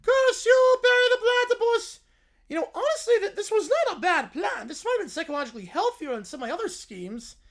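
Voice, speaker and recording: A woman's voice: high voice, big pitch swings, fast talker, few pauses, voice pushed up. A woman voicing a scheming middle-aged male mad scientist in a theatrical villain monologue. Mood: sulking.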